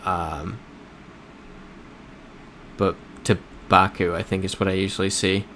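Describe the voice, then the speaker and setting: A man with a lowish voice hosts a casual livestream from a home desk mic. He rambles, corrects himself mid-sentence and reads out viewer comments. Faint background noise hums underneath. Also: level tone, slow, a bit bright. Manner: rambling, self-correcting, chatty with chat. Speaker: livestream host playing a geography game. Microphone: desk microphone.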